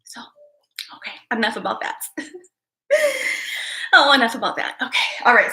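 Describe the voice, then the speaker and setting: A woman's voice: on the high side, moderate pace, long pauses, bright, forceful tone, roomy sound, whispered, rough recording. A woman psychic hosting a live stream, talking casually and emotionally to viewers, rambling with sighs and restarts.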